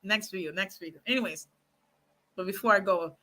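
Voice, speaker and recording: Her medium-pitched voice is brisk as she chats to camera with her viewers. She hands out candid dating advice and tells animated, aside-heavy stories, calling her audience "y'all" and "ladies."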